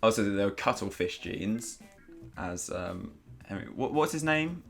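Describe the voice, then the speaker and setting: A lowish male voice comments on a movie with dry humour, stumbling and restarting as he finds his words. A soft film soundtrack runs in the background. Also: animated, measured pace, over music. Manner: stammering restarts, wry jokes.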